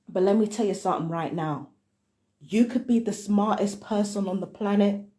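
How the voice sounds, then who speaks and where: A woman's voice: mid-range voice, darkish tone. A woman vlogger giving blunt, heated commentary on a phone call, cussing and ranting.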